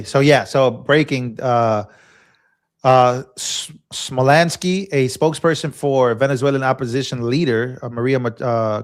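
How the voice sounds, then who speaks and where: A man co-hosting a live stream, reading breaking headlines aloud with hesitant fillers and restarts. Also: mid-range voice. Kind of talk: casual live-stream news chat.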